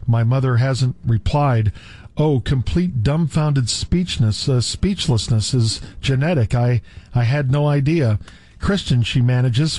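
A man's voice: medium pitch, mellow, dry recording. Older man giving a mock-prim comic reading. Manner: reads in a mock-prim, scandalized tone, slipping into laughter. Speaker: guest reading a novel aloud.

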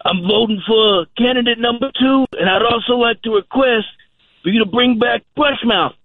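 A man's voice: extremely high pitch, moderate pace, no echo. A man calling in on a phone line and putting on the voice of a famous football star as a prank. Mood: mocking. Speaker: prank caller.

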